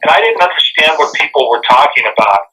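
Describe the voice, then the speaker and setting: A man's voice: mid-range voice, fast talker, far from the mic, poor audio. A man, a guest author and speaker, telling stories in an interview and acting out the dialogue. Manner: animated, acts out quoted dialogue. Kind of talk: interview storytelling.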